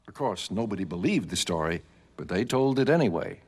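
A man telling a folk tale with animated delivery, sound effects and sudden shouts. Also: a little high, fast talker, husky. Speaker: storyteller. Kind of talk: folk storytelling with banjo. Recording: banjo music under the voice.

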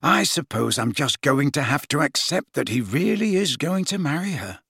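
Storybook: soft, sighing teen girl, a bit higher, read by a man. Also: very animated, normal speed, creaky, slightly rough, no room sound, studio quality, heavily acted. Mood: resigned. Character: teenage girl, wry and weary.

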